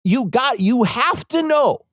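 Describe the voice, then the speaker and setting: A man's voice: extremely high pitch, animated, slow pace, a bit bright, no echo, clean studio sound. A man co-hosting a political podcast, ranting with heavy swearing and jokes in casual chat. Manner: profane, ranting, jokey. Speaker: podcast co-host.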